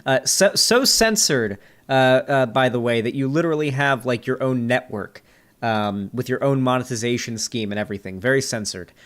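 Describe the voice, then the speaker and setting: A man's voice: mid-range voice, steady tone, a little fast. Rambling, swearing male streamer. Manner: rambling, joking, heavy on fillers and swearing. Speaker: streamer reviewing a debate. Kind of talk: casual profane reaction commentary.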